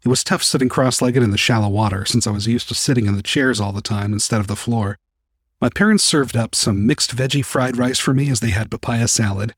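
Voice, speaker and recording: A man narrating a first-person story as an audiobook reader, calm and even. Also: mid-range voice, brisk, slightly rough, no echo, studio quality.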